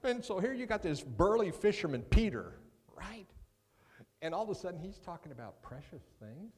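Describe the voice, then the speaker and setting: A man's voice: sits high, very animated, moderate pace, darkish tone, husky. Man preaching in a reverberant church. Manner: conversational, joking asides, repeats words when starting sentences. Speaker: guest preacher. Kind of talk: sermon. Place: church sanctuary. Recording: long reverb of a church hall.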